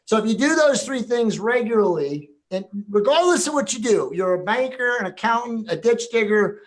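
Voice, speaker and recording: A man with a rather high voice hosts a loose spiritual conversation. He rambles through his questions and leans on fillers like "um" and "you know." His delivery is casual and unhurried. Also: expressive. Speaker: podcast host.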